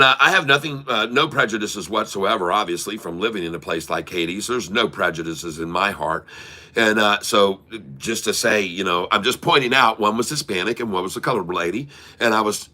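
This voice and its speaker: Middle-aged male host, casual storyteller; bright, forceful tone, rambling and animated. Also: lowish voice. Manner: animated, rambling anecdote with laughs and restarts. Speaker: channel host.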